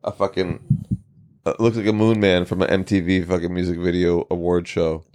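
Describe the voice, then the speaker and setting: Low-voiced man, relaxed and joking. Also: normal speed. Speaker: podcast guest. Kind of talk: casual chat.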